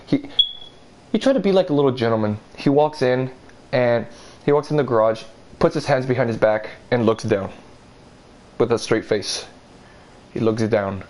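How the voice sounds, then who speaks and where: A young man telling a story casually, rambling and swearing, putting on a higher voice for quotes. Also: a little mellow.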